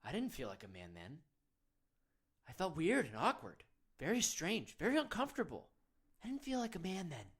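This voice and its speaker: A man's voice: fairly high pitch, huge pitch swings, moderate pace, long pauses, fairly bright tone, slightly rough, heavily acted. A man playing an earnest men's-wellness guru. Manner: earnest, coaxing, rambling, prodding with "hmm?". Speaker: men's meditation guide. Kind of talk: comedic parody of guided meditation.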